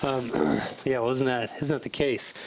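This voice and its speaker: A man co-hosting a faith talk show in earnest, fast bursts, repeating his points. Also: medium pitch, flat delivery, low-quality recording. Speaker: co-host. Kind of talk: casual talk show chat, preachy.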